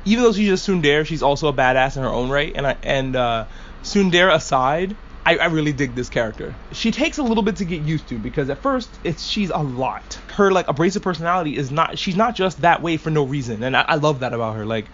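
A man's voice: fairly high pitch, animated, a little fast, fairly bright tone, dull audio, slight background noise. A man hosting a casual anime discussion podcast, rambling and swearing freely as an enthusiastic fan. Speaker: podcast host.

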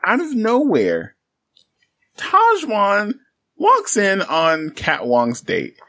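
A man co-hosting a podcast, casually recapping a reality show with animated storytelling. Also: sits high, drawn-out words, no room sound, clean studio sound. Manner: animated storytelling, acts out quotes. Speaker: podcast co-host.

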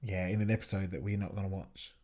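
A man's voice: deep voice, level tone, fast, darkish tone. A man hosting a podcast, giving joking watch-along commentary and teasing the scenes with frequent giggles. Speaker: podcast host.

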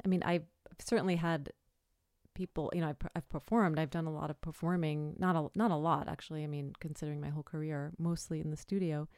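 A woman's voice: deep voice, warm tone, no echo, studio quality. A woman who is a voiceover artist hosting her own podcast, talking in a chatty, rambling way and often correcting herself. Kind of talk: casual solo podcast talk.

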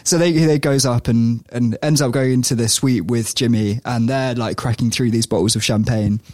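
A man's voice: medium pitch, steady tone, moderate pace, darkish tone, dry recording, clean studio sound. A young man hosting a casual podcast, telling a long anecdote in a rambling way with restarts and frequent laughter. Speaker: podcast host telling a story. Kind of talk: casual storytelling chat.

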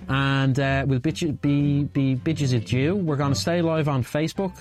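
A man's voice: mid-range voice, steady tone, moderate pace, hardly any pauses, over music. A man hosting a casual podcast, playful and chatty. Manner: playful, sings and reads rhymes aloud. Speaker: podcast host.

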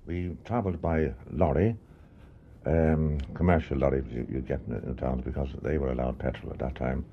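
A man's voice: rumbling low, fairly even intonation, normal speed, muffled recording, slight background noise. A man plainly recalling travel and daily routines with a touring company, in a matter-of-fact way. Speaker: former touring actor. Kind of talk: reminiscing.

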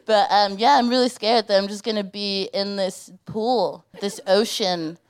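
A woman's voice: medium pitch, fairly even intonation, unhurried, smooth. A woman co-hosting a live comedy podcast, giggly and loose, full of "like" and "um". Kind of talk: comedic chat before a live audience.

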